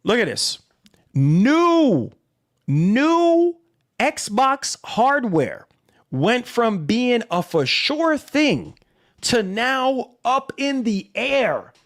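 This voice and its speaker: A man giving dramatic commentary on gaming news, with theatrical, pleading exclamations and drawn-out emphasis. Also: very high voice, big pitch swings, fairly bright tone.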